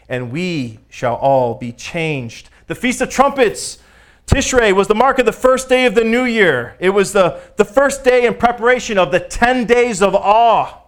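A man with a notably high-pitched voice delivers a teaching sermon. He reads scripture aloud and breaks off to speak directly to his congregation, stressing key words with emphasis in a casual, conversational tone. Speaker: pastor.

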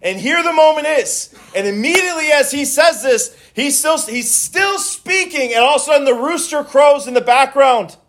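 Pastor, man, high voice, talks loosely with restarts, sermon delivery. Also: animated, normal speed, hardly any pauses, a bit bright. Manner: conversational preaching with frequent restarts and repeated words.

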